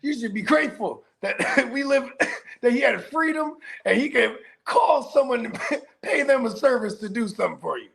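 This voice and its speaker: A man's voice: very high-pitched, expressive, normal speed, gravelly, a bit bright. A man co-hosting a podcast in casual chat, laughing often and acting out quotes with voices. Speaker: podcast co-host.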